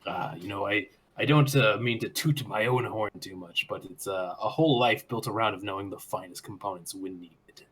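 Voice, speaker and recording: Dude playing a schmoozy bartender, fancy-talking, low husky voice. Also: male voice, normal speed, hardly any pauses, a bit bright. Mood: flowery. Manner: flowery, mock-formal. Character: greedy, flattering male bartender in plague doctor goggles.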